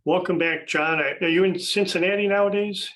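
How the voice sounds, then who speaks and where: A man's voice: high-pitched, fairly even intonation, moderate pace, fairly bright tone, low-quality recording. A man hosting a podcast, casually introducing a panel of guests, chatty with frequent fillers and restarts. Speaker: podcast host.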